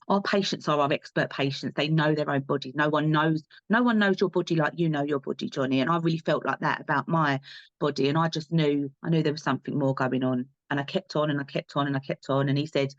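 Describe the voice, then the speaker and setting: A woman's voice: sits low, no echo, dull audio. A young adult woman from England, speaking as a podcast guest in candid interview talk, earnest and driven, repeating herself for emphasis.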